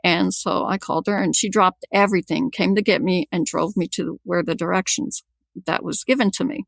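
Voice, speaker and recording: A woman guest recounting something that happened to her, talking in a gravelly, creaky voice. She often restarts and repeats words mid-thought. The sound is close and dry. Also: lowish voice, fairly even intonation, moderate pace, no room sound. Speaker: podcast guest telling her story. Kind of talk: personal storytelling.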